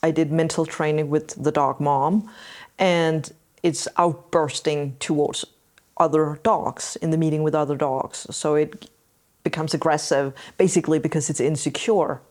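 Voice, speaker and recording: Low-voiced woman explaining earnestly. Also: fairly even intonation, a little slow, darkish tone. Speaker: podcast host. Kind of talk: casual talk to listeners.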